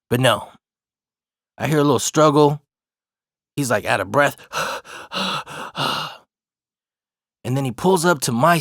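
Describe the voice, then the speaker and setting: A man's voice: medium pitch, gravelly, a bit bright, dry recording, clean studio sound. Man telling a profane story. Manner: profane, laughs through the story. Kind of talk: casual personal storytelling.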